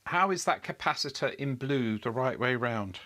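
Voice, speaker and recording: This is a man with a mid-range voice, expressive and bright with a pushed quality, speaking at a normal speed. He hosts an electronics hobby stream, thinking aloud at his workbench and muttering as he checks parts and hunts for a lost cable, wry and self-deprecating.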